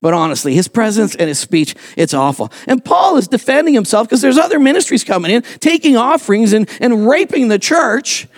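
High-voiced animated male preacher. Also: fairly quick, few pauses. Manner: animated, jokey preaching that acts out the people it quotes. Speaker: pastor. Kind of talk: sermon.

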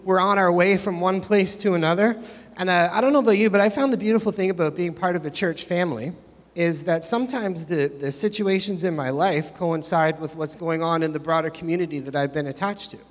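A middle-aged pastor delivers a rambling sermon full of self-mocking jokes. His voice sits high for a man, and it rings out through the long reverb of a church hall. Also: fairly quick.

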